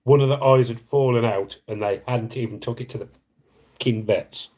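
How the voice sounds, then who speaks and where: A man's voice: medium pitch, normal speed, dark tone, rough recording. A middle-aged man on a casual live stream, earnestly and emotionally appealing for donations, rambling and apologising as he reads comments.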